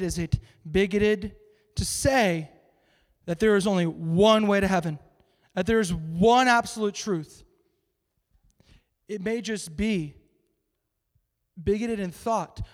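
A man with a very high voice preaches a casual sermon, joking and asking rhetorical questions like he is chatting with the room. His words ring out with a long reverb through a large hall.

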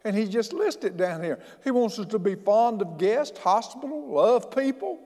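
A man's voice: sits high, expressive, normal speed, darkish tone, long reverb tail. A man preaching a sermon as pastor, folksy and emphatic, often starting with "hey" and restarting lines.

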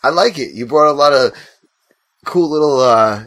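Bright-voiced man with wry jokes. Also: medium pitch, expressive, moderate pace. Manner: joking, wry. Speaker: podcast co-host. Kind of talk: casual fan discussion.

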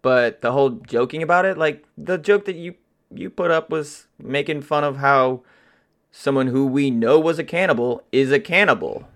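A man's voice: a little high, moderate pace. Profane joking male co-host. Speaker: podcast co-host. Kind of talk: casual podcast banter.

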